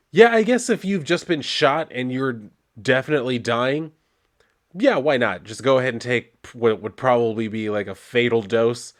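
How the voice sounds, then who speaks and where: A man casually retelling a comic book issue, reading its dialogue plainly and adding wry asides. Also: mid-range voice. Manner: relaxed, wry asides and fillers.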